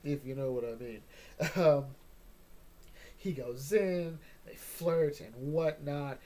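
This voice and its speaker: Rambling, mellow-voiced man reviewing comics. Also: a little high, takes it slowly. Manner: joking, rambling, keeps asking "all right?". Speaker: comic book podcast host. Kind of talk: casual comic review chat.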